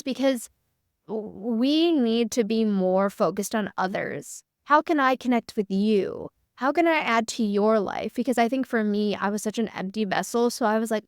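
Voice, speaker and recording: A young woman talks frankly and casually, peppering her sentences with "like." Her voice sits a little high and comes across smooth and clean. The sound is dry and close, as on a video call. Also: normal speed, no echo. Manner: chatty, candid, many "like" fillers. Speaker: workshop host. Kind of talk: casual workshop talk.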